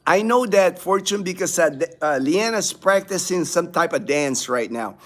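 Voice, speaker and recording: A man's voice: high voice, expressive, moderate pace, a bit bright. Rambling man chatting on a livestream. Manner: rambling, many fillers and restarts. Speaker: livestream host. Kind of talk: casual livestream chat reading comments. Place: home in the Philippines.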